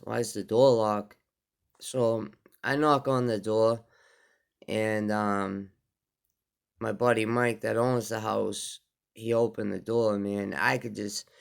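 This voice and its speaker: Low gravelly male storyteller, unhurried, halting with fillers, smooth resonant tone. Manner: slow, halting, with many fillers and restarts. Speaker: vlogger telling a personal story. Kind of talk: casual spoken storytelling.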